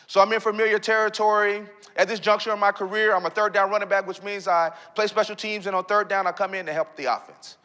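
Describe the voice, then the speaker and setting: A man giving a motivational keynote, telling a personal story that swings between loud excitement and hushed reflection. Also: high-pitched, fast, few pauses. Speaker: keynote speaker. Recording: reverberant hall recording.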